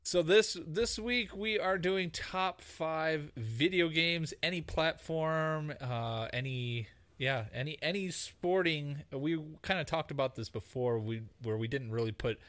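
A man co-hosting a sports podcast in relaxed casual chat with dry humor. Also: on the high side, a little slow, few pauses, dry recording. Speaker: podcast co-host.

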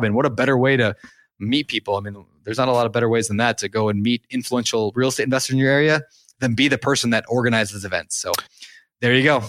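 Young male podcast co-host, quick, bright and animated, casual advice chat. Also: mid-range voice, no echo, clean studio sound. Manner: animated, acts out quoted people.

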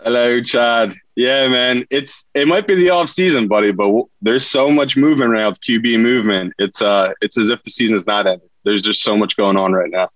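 A man's voice: lowish voice, brisk, few pauses, a bit bright, no echo, muffled recording. A man with a northern English accent, chatting casually as a podcast co-host in an easygoing, rambling way. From England. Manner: chatty, easygoing, loose run-on sentences.

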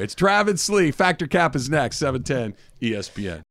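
A male sports radio host in casual banter, teasing and telling animated stories through laughter. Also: fairly high pitch, a little fast, vocal fry, dry recording.

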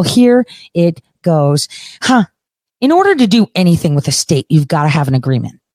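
A woman's voice: mid-range voice, no echo, studio quality. A middle-aged woman giving a solo political commentary, emphatic and repetitive, asking herself rhetorical questions.

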